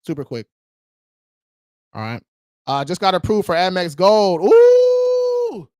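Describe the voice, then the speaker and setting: A man's voice: sits high, animated, measured pace, clean tone, dry recording, studio quality. A man hosting a casual livestream, talking in a slangy, hyped-up way and calling viewers bro. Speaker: credit repair livestream host.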